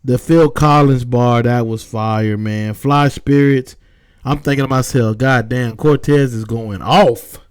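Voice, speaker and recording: A man's voice: medium pitch, fairly even intonation, unhurried, clean tone, no room sound. A man with a Southern American accent giving a loose, slangy recap of rap battles, with emphatic verdicts. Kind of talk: casual recap commentary.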